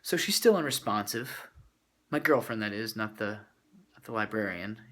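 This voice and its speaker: A man's voice: lowish voice, expressive, moderate pace, fairly bright tone. A man venting in a comedic vlog, mock-serious and dramatic with inflated vocabulary. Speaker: vlogger.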